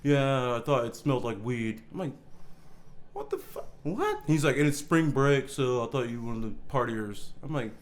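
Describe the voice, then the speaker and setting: A man talking casually on a podcast, mid-pitched and animated. He acts out the people in his stories with sudden loud jumps in voice and swears freely. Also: a little fast, hardly any pauses. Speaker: guest on a podcast. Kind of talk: casual chat, storytelling.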